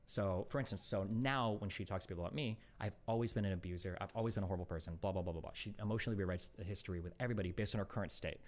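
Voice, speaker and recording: A man's voice: sits low, very fast, hardly any pauses. A man on a stream talking casually, retelling an argument in an aggrieved, filler-heavy way.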